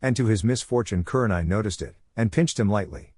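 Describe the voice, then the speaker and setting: Low-voiced man reading fan fiction. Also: fairly quick, darkish tone, no room sound, clean studio sound. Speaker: narrator.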